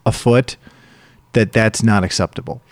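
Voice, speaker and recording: A man co-hosting a casual chat, an animated storyteller who acts out what others said. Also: on the low side, measured pace, no echo.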